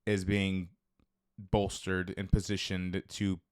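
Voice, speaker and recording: A man's voice: deep voice, completely flat delivery, slow, darkish tone, clean tone. A man co-hosting a live stream in casual chat, teasing his co-host and swearing freely. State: feeling hot.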